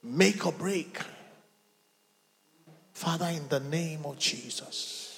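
A man's voice: on the high side, slow, vocal fry, long pauses, fairly bright tone. A man preaching a sermon as pastor, dramatic and emphatic, calling the congregation to respond. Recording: reverberant church hall.

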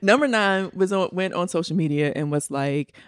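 A woman's voice: lowish voice, normal speed, clean tone, dry recording, studio quality. A woman co-hosting a casual gossip chat, rambling with lots of fillers. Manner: rambling, filler-heavy, giggly.

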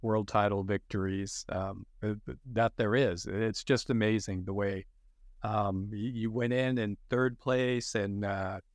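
Man interviewing, quick encouraging murmurs. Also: lowish voice, steady tone, dry recording, clean studio sound. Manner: encouraging, with frequent murmured agreement. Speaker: interviewer, host. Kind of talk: casual interview.

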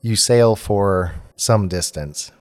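Man, game master; low voice, calm descriptive narration, dry sound. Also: slow, dry recording.

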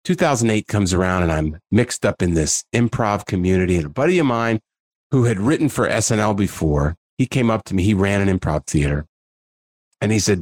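Man in his forties, low voice, swinging intonation, animated storyteller, dry close sound. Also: brisk, dry recording. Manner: animated storyteller, acts out dialogue. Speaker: guest. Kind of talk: casual interview storytelling.

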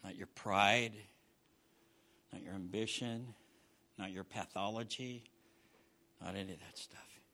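A middle-aged man preaching a sermon, swinging from loud bursts down to hushed near-whispers. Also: on the low side, steady tone, measured pace, long pauses. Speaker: pastor.

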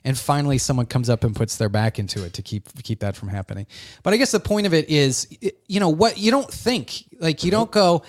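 A man hosting a casual podcast chat, talking in an animated, halting way and repeating words. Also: a little high.

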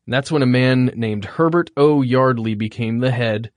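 A man co-hosting a podcast in casual chat, relaxed with wry asides. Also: mid-range voice, normal speed, dry recording. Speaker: podcast co-host.

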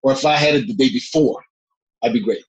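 A middle-aged man, an actor, telling anecdotes in a casual interview, animated and laughing along the way. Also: mid-range voice, fairly quick, low-quality recording. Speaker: actor, guest.

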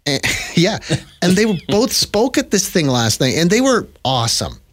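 A man from Canada co-hosting a podcast in casual chat, animated and laughing often. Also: high-pitched, normal speed. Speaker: podcast co-host.

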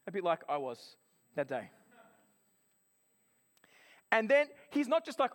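High-voiced preacher telling a story. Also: male voice, measured pace, long pauses. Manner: animated, chatty storytelling. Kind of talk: sermon with personal storytelling.

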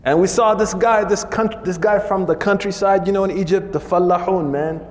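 A man's voice: high voice, steady tone, moderate pace, in a large hall. A man giving an informal religious lesson in a casual, chatty way, often tacking "man" onto his sentences. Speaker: religious teacher.

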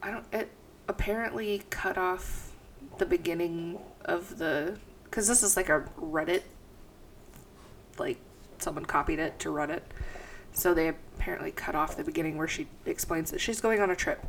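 A woman's voice: on the low side, moderate pace, a little hiss or hum. A young woman with a stuffy nose co-hosting a casual podcast, swearing freely and laughing as she reads aloud. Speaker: podcast co-host. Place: house.

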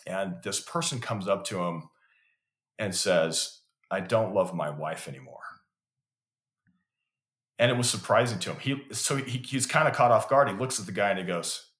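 Here a man with a lowish, slightly bright voice and a moderate pace tells stories on a podcast as a guest. He's earnest and tends to repeat words on the way to his point; the recording echoes roomily.

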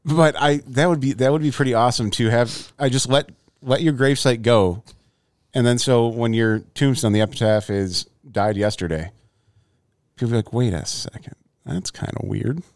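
A man's voice: mid-range voice, moderate pace, a little mellow, no echo, clean studio sound. A man co-hosting a podcast in casual chat, easygoing and amused, often restarting his sentences. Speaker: podcast co-host.

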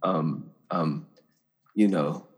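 A man's voice: very deep voice, extremely slow, husky. A man who is a judge, talking earnestly as a podcast guest and often repeating words as he builds his point.

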